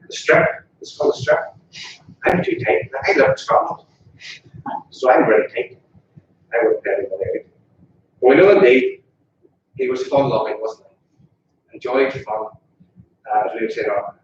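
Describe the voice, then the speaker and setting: A man with a lowish voice and Northern Irish accent officiates a funeral in a parlour chapel, his eulogy chatty and full of jokes and questions for the mourners. Captured from afar, the sound is echoey and dull, with slight background noise.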